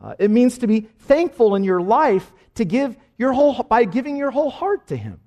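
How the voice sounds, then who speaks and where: Emphatic, high-voiced male preacher. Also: very animated, moderate pace, highs cut off. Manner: emphatic preaching, swinging between soft asides and loud exclamations. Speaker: pastor. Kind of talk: sermon.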